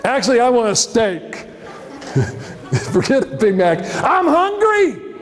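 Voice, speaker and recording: A man preaching a sermon as a pastor, telling the story in an animated way and acting out the scene. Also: high-pitched, slow. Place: church. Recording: long church hall reverb.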